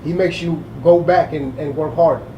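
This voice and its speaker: A man's voice: a little high, steady tone, normal speed. A man hosting a casual interview, easygoing and joking. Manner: easygoing, joking, laughs often. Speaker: host, interviewer. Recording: echoey, noisy room.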